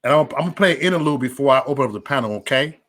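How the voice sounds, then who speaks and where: A man hosting a casual livestream, joking loudly and cursing, breaking into laughter often. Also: mid-range voice, lively intonation, racing. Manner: loud, joking, profane banter with frequent laughs. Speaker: live stream host.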